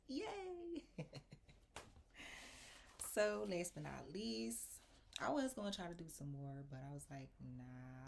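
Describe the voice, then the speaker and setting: A woman's voice: low voice, creaky, a little hiss or hum. A young adult woman, telling a story in a casual vlog and acting out the quotes with lots of laughter. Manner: animated, laughs often, acts out quotes. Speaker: vlogger.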